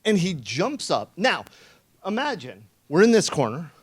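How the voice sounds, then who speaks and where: A man's voice: high voice, very animated, unhurried, slightly rough. A man giving a conference talk, telling a story in a sarcastic, profane way and acting out the quoted lines. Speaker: conference speaker. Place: conference room.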